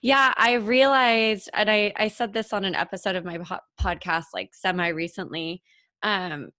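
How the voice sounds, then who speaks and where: A woman's voice: medium pitch, fairly even intonation, normal speed, bright, forceful tone, dry recording. A woman hosting a podcast, chatting casually, eager and affirming as she tells a story of her own. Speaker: podcast host. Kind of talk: casual conversational interview.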